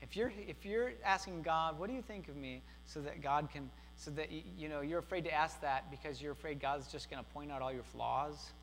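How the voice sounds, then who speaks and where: A man in his thirties preaching a sermon in a church, earnest and repetitive, swinging from emphatic declarations to hushed, gentle asides. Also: on the high side, moderate pace, hardly any pauses. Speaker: pastor. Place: church sanctuary. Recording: hall reverb with faint mains hum.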